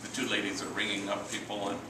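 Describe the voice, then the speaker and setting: A middle-aged man, a priest, telling anecdotes to a live audience in a lively, chuckling storyteller's manner. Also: on the low side, quick pace. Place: large room with a live audience. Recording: roomy, distant and noisy hall recording.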